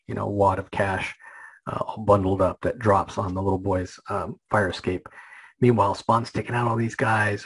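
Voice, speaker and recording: Male podcast host, low husky voice, loose rambling recap delivery. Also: poor audio. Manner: rambling retelling with many fillers and restarts. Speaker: comic book podcast host. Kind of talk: casual story recap.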